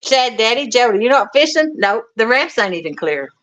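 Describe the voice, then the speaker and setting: A woman's voice: a little high, big pitch swings, normal speed, fairly bright tone. A woman hosting a casual livestream from a home kitchen, greeting viewers and reading out their comments in a folksy, chatty way. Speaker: livestream host. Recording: dull lo-fi stream audio.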